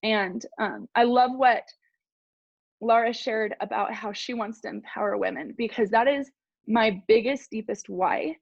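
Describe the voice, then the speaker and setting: A woman's voice: a little high, unhurried, creaky, no room sound. A woman sharing a personal story on a group call, earnest and a little rambling. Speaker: team member sharing on a call. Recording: dull, dry call audio.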